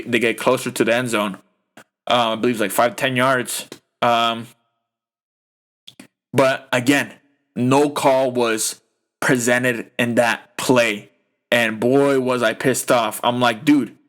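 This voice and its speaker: A man's voice: medium pitch, a bit bright. A young man hosting a podcast, ranting about a football game in a heated, profane, rambling way full of fillers. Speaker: podcast host. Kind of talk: casual sports rant.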